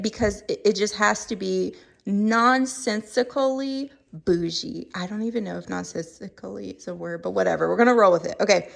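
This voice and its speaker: Woman, reviewer-vlogger, comic and rambling, fry-edged voice. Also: medium pitch. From Southern United States. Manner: playful, rambling, comic storytelling with fillers. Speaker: candle reviewer. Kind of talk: casual storytelling review vlog.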